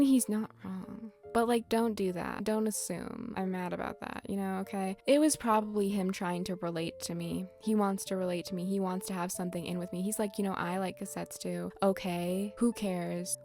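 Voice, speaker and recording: A woman's voice: medium pitch, darkish tone. A woman doing casual, rambling gameplay commentary with sarcastic, dramatic asides. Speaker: gaming YouTuber.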